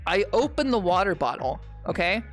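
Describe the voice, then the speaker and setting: A woman streamer telling a long, rambling story to her chat, with frequent "okay?" asides and sudden loud outbursts. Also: on the low side, very animated, moderate pace, soft background music. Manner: bursts into loud shouting at punchlines.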